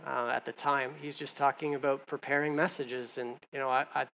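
Man, pastor, sermon, conversational, animated when reading scripture. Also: medium pitch, brisk, creaky.

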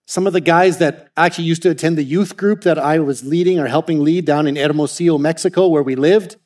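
A man's voice: fairly high pitch, brisk. A man from Canada giving a testimony talk with slides, telling stories with lots of restarts. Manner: animated storytelling with frequent restarts. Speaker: ministry speaker presenting slides.

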